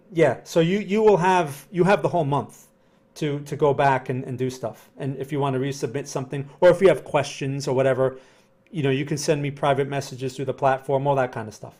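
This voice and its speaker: Guy doing a live crypto chart stream, kinda high voice, slow and rambly, reading the chat. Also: darkish tone. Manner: conversational, repeats himself, reads chat aloud; slow, deliberate delivery. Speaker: trading educator. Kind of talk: live-stream market analysis.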